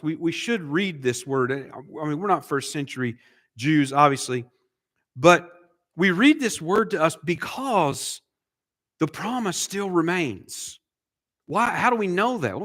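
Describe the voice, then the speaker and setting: A middle-aged man, the pastor, delivers an expository sermon in a church sanctuary. His fairly high, fairly bright voice poses rhetorical questions and keeps returning to key phrases for emphasis.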